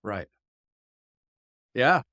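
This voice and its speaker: A man's voice: extremely slow, sharp tone, dry recording, clean studio sound. A man co-hosting a podcast who talks through a Bible passage in an earnest, reflective way, sometimes acting out the voices he quotes. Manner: earnest and reflective, acts out voices when quoting. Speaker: podcast co-host. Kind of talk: conversational Bible discussion.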